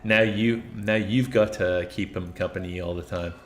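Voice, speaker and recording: A man's voice: low voice, steady tone, moderate pace, roomy sound, faint music behind. A man streaming a video game, casually chatting with viewers and laughing at himself. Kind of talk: casual gameplay commentary.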